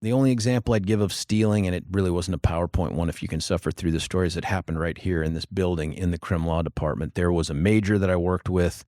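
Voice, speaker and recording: A middle-aged man, a district attorney, telling stories in a casual interview with an animated, expressive manner. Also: low voice, fast talker, hardly any pauses, no room sound, clean studio sound.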